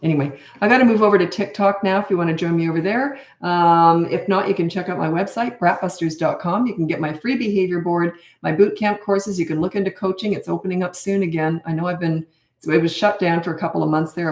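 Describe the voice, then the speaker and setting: A woman in her fifties, a parenting coach answering questions on a live stream, talking in a calm, plain-spoken way and sometimes acting out a firm, steady parent's voice. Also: fairly low pitch, fast talker, reverberant.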